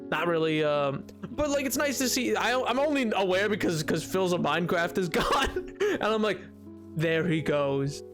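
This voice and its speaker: A man's voice: sing-song, moderate pace, a bit bright, soft background music. Playful rambling male streamer. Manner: rambling, playful, jumpy pitch, laughs often. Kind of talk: casual live-stream chat while gaming.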